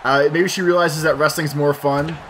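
Bright-voiced man, rambling game commentary. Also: on the high side, fairly even intonation, moderate pace. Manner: rambling and profane, thinking aloud. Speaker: let's play host. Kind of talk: casual commentary while gaming.

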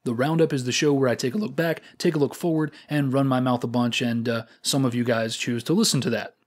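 A man's voice: mid-range voice, fairly even intonation, brisk. A man hosting a casual weekly gaming round-up, rambling and joking with lots of filler words. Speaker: gaming show host.

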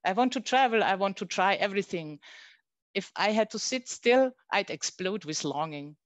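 A woman voicing a restless, eager seventeen-year-old girl traveller, speaking brightly and emphatically. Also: mid-range voice, animated, normal speed, no echo, close to an everyday voice.

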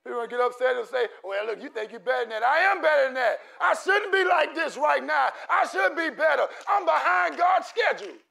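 High-pitched shouting preacher with gravelly voice. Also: male voice, lively intonation, a little fast, few pauses, a faint crowd. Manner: preaching with shouted, call-and-response exhortation. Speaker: pastor. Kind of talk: sermon. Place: church sanctuary. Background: congregation in a church.

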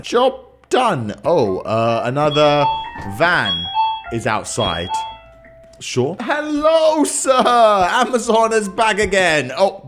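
A man's voice: high-pitched, fairly bright tone. A man hosting a let's play, talking nervously to his viewers and stammering when spooked. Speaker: gaming video host.

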